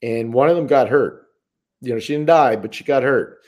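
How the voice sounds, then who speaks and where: A man's voice: medium pitch, normal speed, a little mellow. A man co-hosting a sports podcast as a hockey analyst, talking earnestly and often repeating words as he restarts sentences. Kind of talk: casual sports chat.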